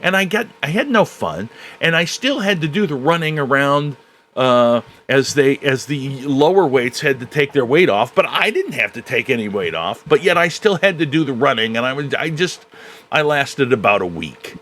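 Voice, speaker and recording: A man hosting a podcast, chatting casually in a halting way with frequent "uh" pauses. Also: mid-range voice, lively intonation, a bit bright. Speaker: podcast host. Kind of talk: casual chat.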